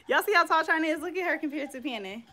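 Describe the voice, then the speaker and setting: A woman's voice: very high voice, heavy background noise. A woman vlogging at home as she shows off fresh braids, chatty and teasing, full of slang. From California Bay Area. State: out of breath. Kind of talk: casual chat to camera.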